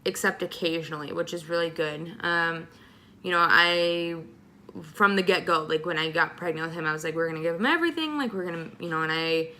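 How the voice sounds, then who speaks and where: A woman's voice: deep voice, level tone, normal speed, bright, forceful tone. A young pregnant woman answering viewer questions in a casual vlog, talking with lots of ums and likes. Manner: chatty, many ums and likes. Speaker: vlogger.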